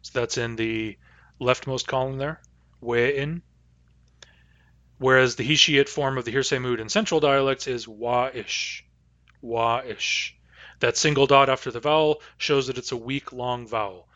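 Man slowly teaching language lesson. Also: mid-range voice, fairly even intonation, fairly bright tone, no echo, muffled recording. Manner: slow, careful pronunciation of example phrases.

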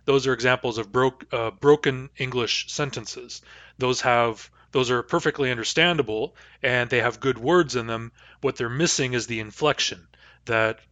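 Man, online lecture, halting and thoughtful, dry muffled call audio. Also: mid-range voice, a bit bright, dry recording. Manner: thoughtful, halting with many fillers and restarts. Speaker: linguistics teacher.

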